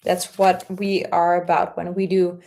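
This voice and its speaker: A woman hosting a casual spell-craft tutorial, explaining things in a gentle, unhurried way. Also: on the low side, completely flat delivery, gravelly. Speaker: spiritual content host.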